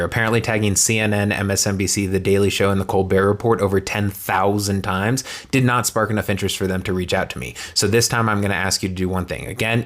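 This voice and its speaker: A man recapping political news with sarcastic, deadpan asides. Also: deep voice. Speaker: political commentary creator.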